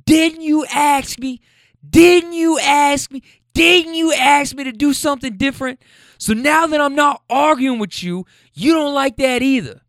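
Man putting on a furious young woman, shrill falsetto screaming, dry close sound. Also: measured pace, a bit bright, no room sound, full character voice. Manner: shrill high-pitched screaming.

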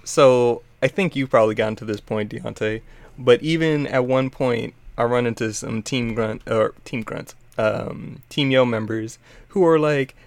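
A man's voice: medium pitch, a little slow, creaky, no room sound. A man chatting casually about video games, laughing often and sometimes doing voices. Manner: laughs often, animated put-on character voices. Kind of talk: casual gaming chat.

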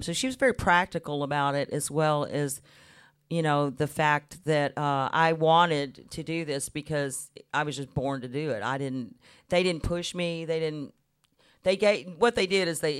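A woman in her fifties, a guest musician on a radio show, telling lively stories with frequent laughs and little voice impressions. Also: low voice, clear, resonant tone. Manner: warm laughing anecdotes, mimics voices. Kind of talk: chatty storytelling interview. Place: radio studio.

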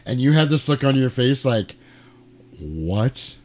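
A man's voice: medium pitch, steady tone, brisk, darkish tone. A man hosting a casual podcast in a home studio, retelling a movie plot animatedly with sound effects and quoted lines. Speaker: podcast host. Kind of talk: casual movie recap chat.

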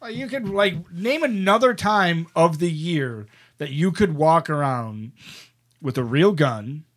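Animated high-voiced man telling stories. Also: a little slow. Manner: animated storyteller, full of fillers and swearing. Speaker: podcast co-host. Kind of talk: casual chat.

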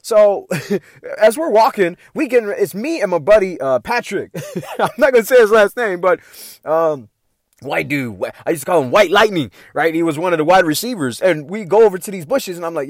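A man's voice: high-pitched, fairly quick, dry recording. Young guy telling a wild story, lots of swearing and laughing, voice jumps all over, dry close sound. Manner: profane, animated, laughing storyteller. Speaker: podcast host. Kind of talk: casual storytelling monologue.

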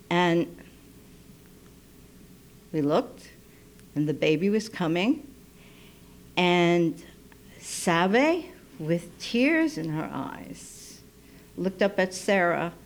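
A woman who works as a midwife, telling a personal story live in an unhurried, intimate way and dropping to a soft hush when she quotes herself. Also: lowish voice. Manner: unhurried, intimate, drops to soft near-whispers when quoting. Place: radio station studio. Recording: live radio broadcast, faint noise.

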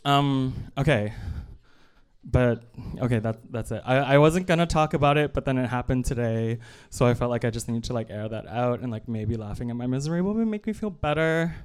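Here a stand-up comedian tells comic stories live on stage at an evening show, his voice medium-pitched, fairly quick, a little mellow and smooth. He's chatty and self-deprecating, full of asides and fillers.

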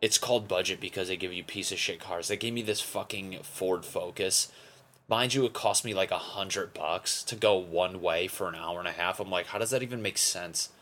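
Low-voiced rambling podcast host, a young man. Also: fairly even intonation, moderate pace, a bit bright. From Connecticut. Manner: rambling, profane, self-deprecating. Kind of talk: casual solo podcast monologue.

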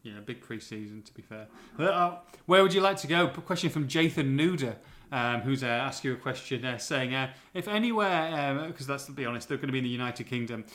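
A man's voice: mid-range voice, expressive, a little fast, few pauses, a bit bright. A man hosting a casual podcast, matey and teasing. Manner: matey and teasing, says "mate" a lot. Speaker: podcast host.

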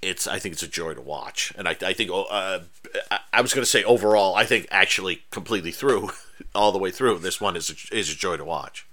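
A man's voice: low-pitched, a little fast, pushed and bright. A man co-hosting a podcast about an old TV episode, chatting casually with many restarts and stumbles. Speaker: podcast co-host. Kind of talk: casual chat.

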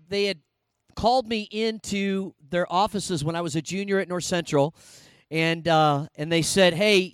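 A middle-aged man from Indiana, a pastor telling a personal story in a sermon, animated and conversational with frequent fillers. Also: high-pitched, dry recording.

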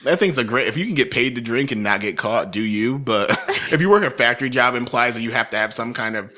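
A man in his thirties co-hosting a casual chat show, animated and jokey, laughing often. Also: medium pitch, fast. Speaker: podcast co-host.

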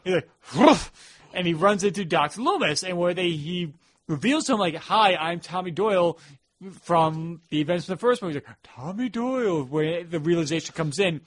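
A man's voice: fairly high pitch, a little fast, a bit bright, no echo. A man co-hosting a film review podcast, recapping the plot with dry asides. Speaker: podcast co-host. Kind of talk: casual film review chat.

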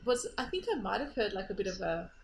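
A woman's voice: medium pitch, expressive, quick pace, vocal fry, a little hiss or hum. A woman hosting a casual chat, giving short supportive replies and laughing along.

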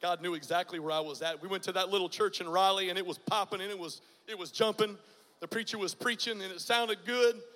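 A man in his forties preaches his testimony with a high, bright voice. He drops to a near hush, then breaks into loud bursts. His voice rings out in a large hall with a long reverb. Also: steady tone, fairly quick. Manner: dramatic, swings from hushed to loud bursts. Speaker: guest preacher. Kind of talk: testimony sermon.

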